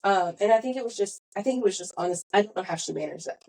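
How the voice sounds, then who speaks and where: Young woman, podcast host, casual storytelling, mid-pitched voice, circles back on herself. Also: lively intonation, quick pace, a little mellow, rough recording. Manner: rambling, self-correcting storyteller.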